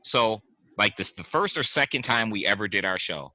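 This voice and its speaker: A man hosting a casual podcast, telling an animated story, acting out quotes and laughing. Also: fairly low pitch, normal speed, no room sound. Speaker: podcast host. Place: home basement.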